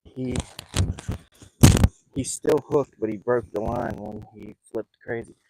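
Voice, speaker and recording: Excited man on a fishing boat. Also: on the low side, slow, creaky, heavy background noise. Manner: excited, rambling, breathing heavily. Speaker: fishing vlogger. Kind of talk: live outdoor fishing vlog. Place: on a small boat outdoors at night.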